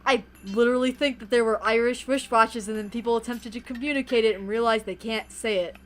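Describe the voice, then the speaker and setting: High-voiced woman chatting, amused. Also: steady tone, brisk. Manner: amused, teasing, explains things. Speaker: co-commentator beside the player. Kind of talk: casual chat.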